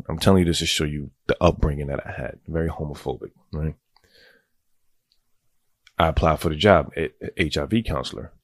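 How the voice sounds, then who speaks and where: Very deep-voiced New man rambling. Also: dry recording, clean studio sound. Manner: rambling, streetwise, goes on tangents. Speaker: storyteller. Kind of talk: casual profane storytelling.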